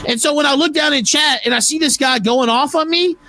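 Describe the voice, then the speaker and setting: A man hosting a livestream show, ranting angrily with heavy profanity and shouting at times. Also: very high-pitched, a little fast. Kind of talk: heated livestream rant.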